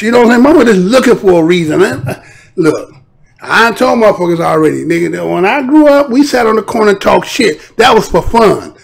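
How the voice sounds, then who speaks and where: High, gravelly man ranting. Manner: profane, emphatic street talk, often addressing the chat. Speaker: livestream host. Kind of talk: live-stream commentary.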